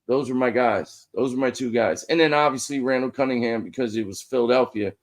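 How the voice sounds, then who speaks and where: A man from Pennsylvania hosting a casual sports podcast, agreeing often with quick affirmations. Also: medium pitch. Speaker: podcast host.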